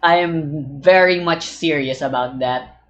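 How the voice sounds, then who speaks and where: A woman's voice: fairly low pitch, measured pace, fairly bright tone. A woman playing through a courtroom game with a friend, reading lines aloud, laughing and swearing freely. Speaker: let's play reader. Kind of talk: casual game playthrough banter.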